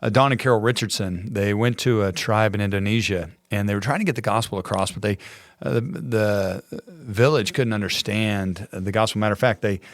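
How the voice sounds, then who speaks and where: A man's voice: lowish voice, a little fast. A man co-hosting a church podcast, casually telling stories in a rambling way, with restarts. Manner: rambling, with frequent restarts and playful voices. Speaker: co-host. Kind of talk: casual conversational storytelling.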